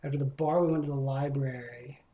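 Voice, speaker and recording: A man's voice: mid-range voice, fairly even intonation, a little fast, muffled recording. A man playing a story game and thinking aloud, hesitant and casual, in an echoey room. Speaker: let's play host. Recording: roomy echo.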